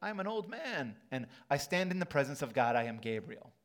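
A solemn male archangel, put on by a pastor mid-sermon proclaims in a loud, grave voice. His delivery is commanding, at an ordinary male pitch, in a church sanctuary. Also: very animated, normal speed, natural voice.

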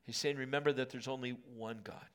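A male pastor preaching a sermon in a church auditorium, moving from hushed lines to emphatic ones. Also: mid-range voice, fairly even intonation, a little fast, clear, resonant tone.

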